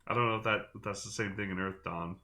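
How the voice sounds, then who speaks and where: Bright-voiced man rambling casually. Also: lowish voice, fairly even intonation, fast. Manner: rambling, restarting, profane. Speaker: player. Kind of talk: casual chat.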